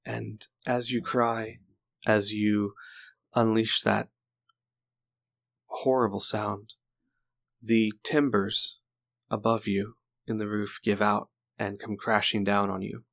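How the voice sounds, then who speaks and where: A man narrating a tabletop game as game master in a slow, deliberate storytelling manner. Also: on the low side, little pitch movement, vocal fry, fairly bright tone.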